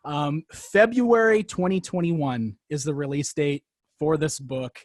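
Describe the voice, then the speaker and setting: A man's voice: a little high, unhurried, dry recording. Man, panel moderator, earnest, thankful, filler-heavy, close dry sound. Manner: earnest, grateful, with frequent fillers. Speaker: panel moderator and book author. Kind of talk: closing remarks at an online fan panel.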